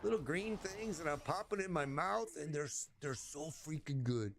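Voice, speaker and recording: A man telling a rambling, animated story in casual chat while gaming, swearing casually along the way. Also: on the high side, normal speed, vocal fry, slight background noise.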